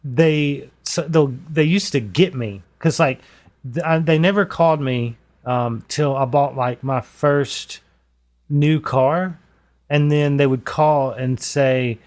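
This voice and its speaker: A man chatting on a podcast, telling stories in an animated, casual way. His voice sits a little high. He laughs now and then as he talks. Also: takes it slowly. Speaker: podcast co-host. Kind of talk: casual storytelling chat.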